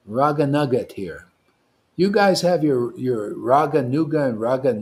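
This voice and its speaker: A man preaching informally to a devotional group, animated and slangy, often tagging lines with "man". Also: medium pitch. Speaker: devotional teacher.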